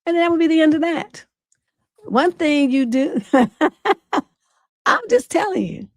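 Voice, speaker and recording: A woman's voice: sits high, takes it slowly, no room sound, clean studio sound. A woman relationship coach hosting an unscripted advice livestream, telling stories bluntly and with plenty of profanity. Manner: blunt, profane, animated storytelling.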